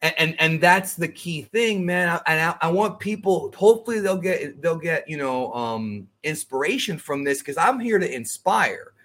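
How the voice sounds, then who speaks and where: Male podcast guest, a bit high-pitched, candid and earnest, casual slang. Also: lively intonation, normal speed, few pauses, fairly bright tone. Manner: earnest, frank, says bro, many restarts.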